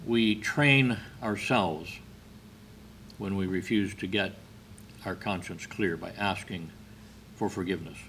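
A man giving a sermon, telling stories in a slow, measured way with brief hesitations. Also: low-pitched, fairly bright tone, slight background noise. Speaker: preacher.

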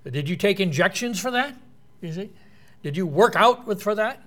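A man's voice: high-pitched, expressive, moderate pace, fairly bright tone. A man preaching a sermon in an earnest, explanatory way, quoting and unpacking scripture.

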